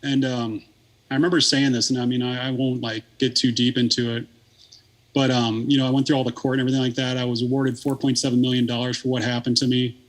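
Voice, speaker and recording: A man's voice: mid-range voice, little pitch movement, fast. A man in his thirties, a podcast guest, telling a long story in casual, rambling talk full of swearing and fillers.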